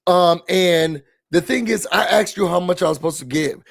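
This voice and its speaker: A woman's voice: fairly low pitch, normal speed, vocal fry. A man voicing an indignant young woman who talks in an exasperated, confrontational way, as part of a recap.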